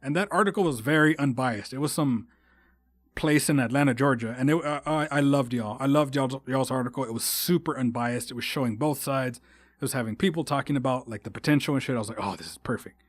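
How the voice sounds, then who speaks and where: In a recording with no room sound, a young Texan podcast host rants on his own at a brisk clip in a medium-pitched voice. He rambles, curses constantly, and tends to get heated.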